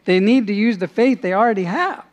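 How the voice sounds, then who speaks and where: A man preaching a sermon, earnest, dropping to a hushed voice in prayerful moments. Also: sits high, brisk. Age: adult, father has passed away. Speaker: pastor.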